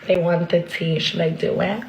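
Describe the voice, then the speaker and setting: A woman's voice: fairly low pitch, steady tone, normal speed, gravelly. A woman impersonating a young celebrity on a livestream, putting on a New Jersey accent in an airy, affected, self-important way. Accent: put-on New Jersey. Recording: echoey room, faint background noise.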